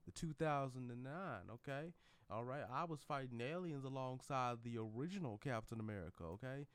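A man's voice: mid-range voice, animated, normal speed, clear, resonant tone, no room sound, lightly acted. A man voicing a boastful aging male superhero who scolds the new team about his glory days, in a partly put-on country accent. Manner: bragging, scolding, slangy.

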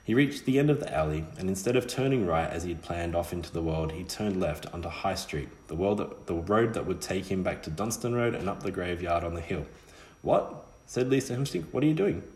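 Low voiced guy reading a novel, steady pace, roomy echo. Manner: measured, steady reading with small slips. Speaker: narrator. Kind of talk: audiobook reading.

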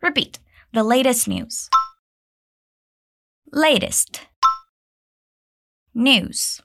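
A woman teaching an English pronunciation lesson, drilling phrases for learners to repeat and praising them warmly. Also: big pitch swings, a little slow. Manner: encouraging, drills repetition, pitch leaps on praise.

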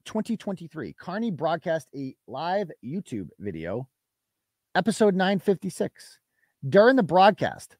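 A male podcast host delivers indignant live commentary in a high, highly animated voice. He stresses his points with mounting disbelief. The recording is close and dry. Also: no echo. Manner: indignant, emphatic, incredulous.

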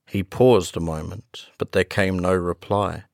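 A man reading a classic gothic story aloud as a narrator, in a slow, measured storytelling manner. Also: sits low, steady tone, vocal fry, dry recording, studio quality. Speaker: audiobook narrator. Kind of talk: scripted narration.

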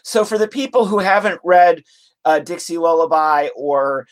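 A man with a slightly raised pitch hosts an interview. He sets up his guest and the topic, hesitant and full of fillers and restarts. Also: moderate pace. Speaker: podcast host. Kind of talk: interview introduction.

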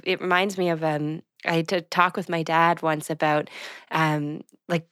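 Lower-voiced woman podcast host. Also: fairly bright tone, clean tone, no room sound, studio quality. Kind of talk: casual conversation and read sponsor ads.

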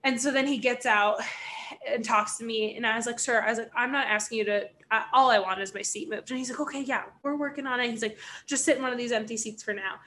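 A young woman telling a story in casual chat, animated, acting out quotes, with lots of "like" and swearing. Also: fairly high pitch, quick pace, a little hiss or hum.

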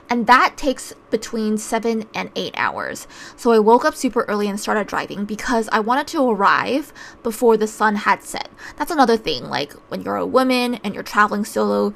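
A woman's voice: medium pitch, gravelly. A woman telling a personal travel story in a casual, chatty way, wry and full of filler words.

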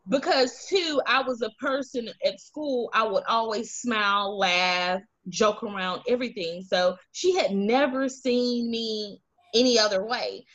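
A woman's voice: on the high side, a little slow, fairly bright tone. A woman from Alabama, telling her story as a guest, earnestly and acting out the voices of people in it. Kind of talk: personal testimony in an interview. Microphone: video call. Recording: dull lo-fi video call audio.

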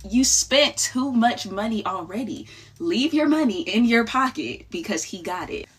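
A woman's voice: a little high, lively intonation, a little slow, slightly rough. Chatty young woman co-host. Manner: chatty, questions the caller directly. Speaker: radio show co-host. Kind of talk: casual chat.

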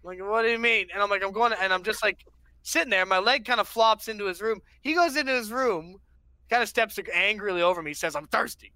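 A man's voice: high voice, fast talker, pushed and bright, clear, resonant tone, no echo. A young man on a podcast with friends, rambling through a mock-dramatic story and acting out what people said. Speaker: podcast co-host. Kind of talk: casual chat.

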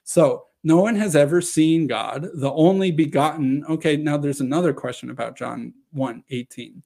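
An earnest man with a slightly higher voice talks through a scripture passage like a lecture. He argues his reading firmly and drops in quick asides as he goes. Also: creaky, darkish tone. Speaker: religious presenter. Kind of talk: explanatory Bible teaching talk.

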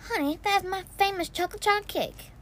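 Lady reading as a sweet motherly cake-baking mom, high and gentle. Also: brisk. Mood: kind. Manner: kind, motherly. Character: warm Southern mother baking cakes.

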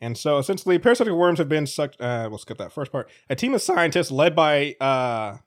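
A man's voice: fairly high pitch, sing-song, fairly quick. A man co-hosting a casual news-chat podcast, rambling and laughing often as he restarts his sentences. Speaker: podcast co-host.

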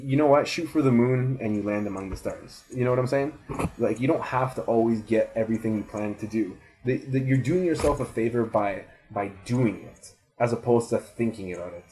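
A young man in his twenties talks straight at one listener in a loose, rambling monologue. His voice sits a little low, and he swears freely while repeating his points for emphasis. It sounds like an off-the-cuff recorded message of advice. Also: mellow, low-quality recording. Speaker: student giving advice. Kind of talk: casual motivational monologue.

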